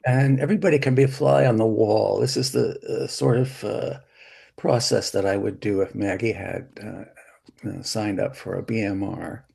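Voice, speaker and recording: A middle-aged man with a gentle, hesitant, gravelly voice, leading a therapy session demonstration with many restarts. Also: lowish voice, fairly even intonation, normal speed. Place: symposium hall, hybrid session.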